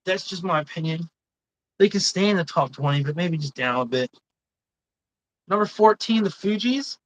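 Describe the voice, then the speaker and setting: A woman's voice: fairly low pitch, fairly bright tone, low-quality recording. A woman hosting a live stream, chatting casually and swearing a lot as she gives blunt, indignant opinions.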